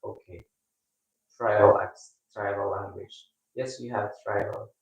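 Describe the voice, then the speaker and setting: A man with a Filipino accent hosting a casual live stream, chatting with viewers in a rambling, halting way. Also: lowish voice, fairly even intonation, gravelly, highs cut off. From Philippines. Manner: rambling, halting, with many restarts. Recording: echoey room, mic at a distance.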